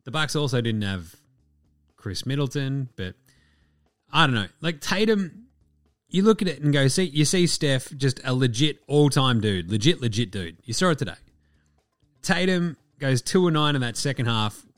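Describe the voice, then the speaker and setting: A man's voice: mid-range voice, sing-song, normal speed, no room sound. Man, podcast host, casual profane rant, dry close sound, faint music underneath. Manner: blunt, profane, opinionated.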